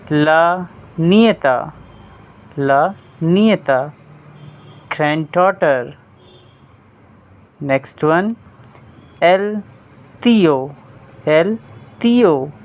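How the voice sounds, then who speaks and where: Very slow man teaching. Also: on the high side. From India. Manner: repeats each word slowly and clearly. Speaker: Spanish teacher. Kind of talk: vocabulary lesson, word by word.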